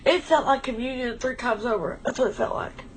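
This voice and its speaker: A woman with a slightly high voice chats casually on a stream, heartfelt and a little rambling. She sounds emotional and grateful, with faint background noise under her voice. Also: a little fast, poor audio. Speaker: livestream co-host.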